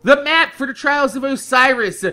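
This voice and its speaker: A man hosting a gaming video, telling a loud, profane story and laughing through it, then talking calmly through game gear. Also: extremely high pitch. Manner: slows down and over-enunciates when quoting himself. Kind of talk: casual storytelling rant over gameplay.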